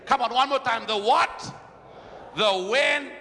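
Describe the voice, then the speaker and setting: A man preaching a sermon, shouting refrains and leading the congregation in call-and-response. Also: very high-pitched, slow, in a large hall, slight background noise.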